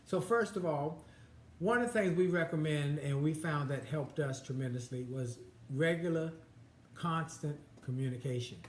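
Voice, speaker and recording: A man in his fifties gives marriage advice in a halting way, often restarting and repeating his words. His voice sits a little high for a man. The room rings with echo, and a faint ambience hums underneath. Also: slight background noise. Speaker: co-host. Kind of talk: casual advice chat.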